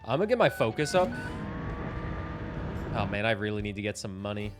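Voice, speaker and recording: A man's voice: fairly low pitch, big pitch swings, brisk, noisy background. A young man from Canada chatting casually and joking while playing a game at home. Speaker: streamer. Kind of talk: casual gameplay commentary. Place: home, indoors. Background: game music.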